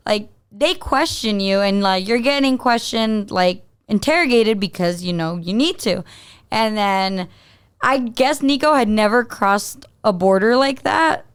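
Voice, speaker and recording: A woman co-hosting a casual podcast, telling a story in an animated way with lots of fillers and playful teasing. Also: a little high, unhurried, clear, resonant tone. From Mexican-American. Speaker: podcast co-host.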